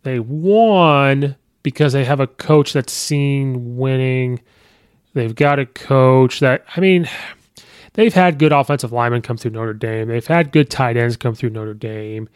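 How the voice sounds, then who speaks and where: With a clean-toned, medium-pitched voice, a man hosts a sports podcast, recorded at studio quality on a podcast mic with no room sound. He talks conversationally, pondering coaching records aloud with frequent ums and you-knows.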